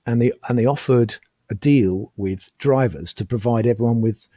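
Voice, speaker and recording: A middle-aged man and former racing driver, appearing as a podcast guest, tells animated anecdotes at a moderate pace in a mid-range voice. He acts out the quotes in this casual storytelling chat, captured in a dry, studio-quality recording.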